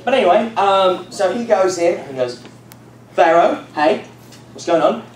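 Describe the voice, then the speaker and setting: A young man with a higher voice tells a Bible story to a youth group in a rambling, laughing, filler-heavy way. The recording catches him from a distance in a reverberant church room. Steady noise runs underneath. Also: normal speed. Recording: echoey room from far off, noisy.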